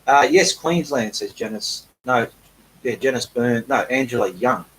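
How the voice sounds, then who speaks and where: A man's voice: medium pitch, unhurried, a bit bright, low-quality recording. A middle-aged Australian man with an Australian accent, an artist chatting casually on a live stream and reading out viewer comments in a self-deprecating way.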